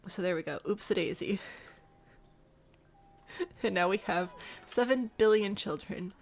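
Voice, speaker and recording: Playful Midwestern woman with gravelly voice. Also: mid-range voice, a little slow. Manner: playful, jokey, chatting with live viewers. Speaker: let's play streamer. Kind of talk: casual gameplay commentary.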